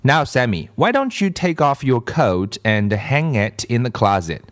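A man's voice: mid-range voice, very animated, a little slow. Storybook: a fussy teacher lady with a sugary lilt, voiced by a male reader. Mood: prim. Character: prim fussy female schoolteacher.

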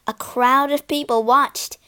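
A woman narrating a storybook for English learners, reading slowly, clearly and expressively. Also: high voice, fairly even intonation, sharp tone.

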